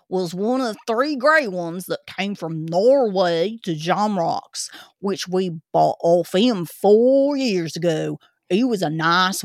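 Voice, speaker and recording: A grumpy old zookeeper grumbles along in a thick, rough dialect, voiced by a woman. He takes his time over every word. The sound is dry and close, with no room around it. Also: medium pitch, no room sound. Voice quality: rough working-class dialect. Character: gruff old male zookeeper, grumpy but chatty.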